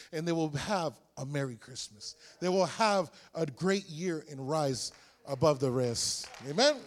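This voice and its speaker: A man preaching a sermon, telling a personal story with lots of animation and frequent laughs. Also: on the high side.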